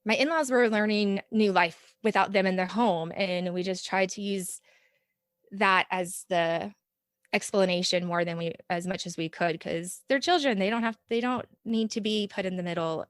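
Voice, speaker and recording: A woman's voice: mid-range voice, moderate pace, no echo, studio quality. A woman, speaking earnestly and reflectively as an interview guest, often laughing as she talks. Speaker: podcast guest, parent mentor. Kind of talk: conversational interview.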